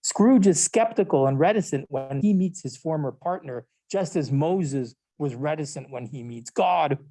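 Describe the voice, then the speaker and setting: Reading from prepared text, this professor of literature and law slips in small asides and corrects himself now and then during a recorded lecture. His fairly high voice has a dark tone and lively intonation at a moderate pace.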